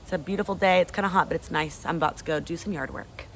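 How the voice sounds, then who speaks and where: A lowish-voiced woman reading a story aloud. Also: fast, gravelly. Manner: friendly, chatty sign-off. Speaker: teacher reading to class.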